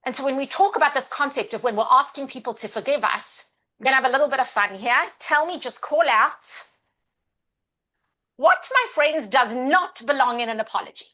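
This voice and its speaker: Upbeat bright-voiced woman teaching a class. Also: high-pitched, brisk, rough recording. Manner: upbeat, encouraging, calls on participants by name. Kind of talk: interactive class talk.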